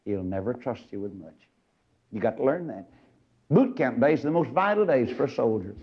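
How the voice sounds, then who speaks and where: A man preaching a fiery old-time sermon, acting out Bible characters in sudden shouts. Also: mid-range voice, very animated, normal speed, breathy edge, highs cut off.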